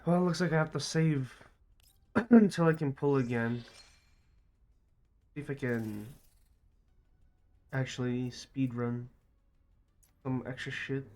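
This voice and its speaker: A man streaming a game live, muttering to himself and swearing in frustration, his throat scratchy and often cleared. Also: medium pitch, slow pace, long pauses, darkish tone. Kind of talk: live gaming stream commentary.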